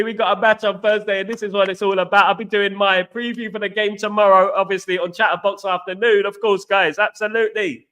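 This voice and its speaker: A man's voice: sits high, fairly bright tone. A man from East London with an East London accent hosting a casual livestream, bantering with viewers in slang and repeating catchphrases. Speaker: livestream host. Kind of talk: casual livestream chat reading viewer comments.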